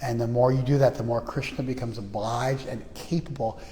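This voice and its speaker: A man giving a spiritual lecture to a class, animated, swinging between quiet and loud, often checking in with "you follow?". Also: medium pitch, fairly quick, long reverb tail, very noisy. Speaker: spiritual teacher. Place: class room in a temple.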